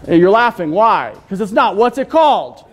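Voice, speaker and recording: A man with a high-pitched voice preaches to his congregation. He talks in a casual, conversational way and often asks the listeners questions. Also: sing-song, normal speed. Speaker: pastor. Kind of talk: sermon. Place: church sanctuary.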